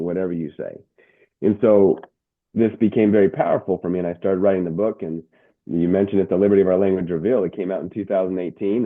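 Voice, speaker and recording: Middle-aged guy telling his story in an interview, kinda low voice, sounds like a phone call, keeps restarting words. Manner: animated, stumbling restarts and word repeats. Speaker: guest, motivational speaker and coach. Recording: tinny phone-like line.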